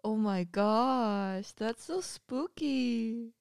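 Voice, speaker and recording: A woman's voice: on the high side, extremely slow, gravelly, darkish tone, smooth, dry recording, studio quality. A woman co-hosting a podcast, teasing and reacting to a friend's story in casual chat. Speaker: podcast co-host.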